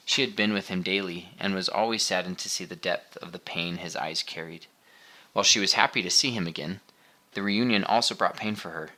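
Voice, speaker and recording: An audiobook narrator, male, keeps his reading calm and measured in a voice that sits low, following a script.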